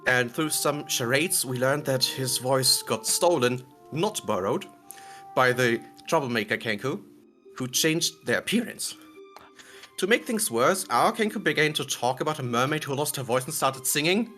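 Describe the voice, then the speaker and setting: A man's voice: mid-range voice, animated, normal speed, bright, forceful tone, faint music behind. A man recapping the last tabletop session in a giggly, rambling way, often correcting himself. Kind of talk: casual recap of a tabletop game.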